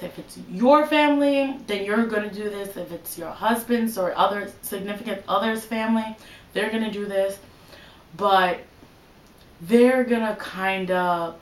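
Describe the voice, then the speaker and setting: A woman's voice: medium pitch, echoey room, poor audio. A young woman giving casual advice in a vlog, chatty and full of "like" and "you know". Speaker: vlogger.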